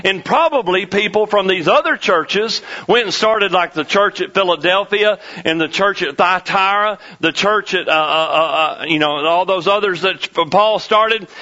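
A pastor preaching to his church, his voice pitched high and bright. He drives his points home by repeating them with rising emphasis. The recording is dull and lo-fi. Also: moderate pace, few pauses. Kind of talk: sermon.

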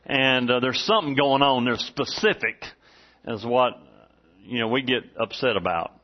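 Speaking at normal speed in a mid-range voice, a forty-something pastor delivers a conversational, folksy sermon to the congregation inside a church, relying heavily on "uh" as filler. The recording is dull and a bit muffled.

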